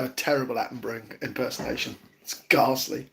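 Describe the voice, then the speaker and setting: A man's voice: mid-range voice, normal speed, gravelly, a little mellow. A man in his forties with a British accent, chatting casually with viewers on a livestream, rambling and hesitant with many ums and restarts. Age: 40s. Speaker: vlogger.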